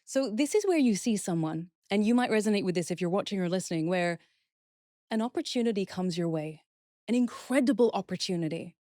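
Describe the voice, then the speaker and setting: A woman's voice: mid-range voice, lively intonation, brisk, dark tone, no echo, studio quality. A woman speaking as a guest expert in a podcast interview, explaining steps earnestly and acting out example phrases.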